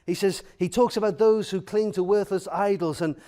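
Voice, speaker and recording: A man's voice: sits high, steady tone, moderate pace, mellow. A man preaching a sermon in a church, earnest, building with repeated phrases and asking the congregation direct questions.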